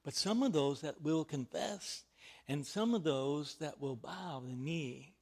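A male preacher gives a sermon in a voice on the high side at a slow pace. He swings from hushed, almost whispered lines to loud, emphatic ones, repeating key words and posing questions to his listeners.

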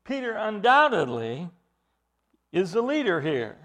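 High, animated male preacher. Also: a little slow. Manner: emphatic, rising to loud bursts. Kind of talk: expository sermon.

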